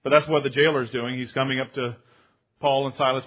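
A man in a mid-range voice preaches a sermon with firm conviction, often slowing down to hammer home a point. His voice has a husky edge. The recording sounds a little dull and lo-fi. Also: mid-range voice, little pitch movement. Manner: emphatic, slows down to stress key phrases; addresses listeners as friends, with some restarts. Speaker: pastor.

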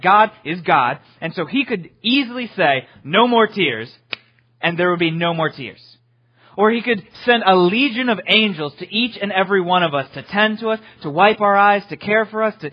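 A male pastor preaching a sermon with a slightly high, husky voice. He talks earnestly, dropping to a hush and then rising to emphatic peaks. The recording sounds dull and lo-fi. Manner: earnest, swings from hushed to emphatic, repeats words.

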